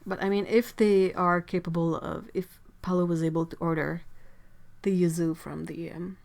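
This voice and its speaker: A young woman with a stuffy nose, hosting a casual livestream from her home art studio. She chats and giggles, reads out viewer comments, and trails off into soft asides. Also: lowish voice, steady tone, moderate pace, vocal fry. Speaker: livestream host.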